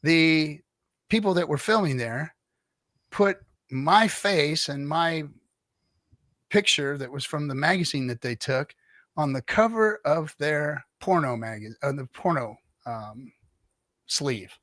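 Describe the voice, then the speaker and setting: A bright, forward-sounding man with a slightly high voice tells a rambling story on a stream. He acts out the other people in it, and he sounds dry and close on his mic. He is middle-aged and talks in a loose, casual way. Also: takes it slowly, no echo. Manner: animated anecdote-telling, acts out other people's lines. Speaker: livestream guest telling stories.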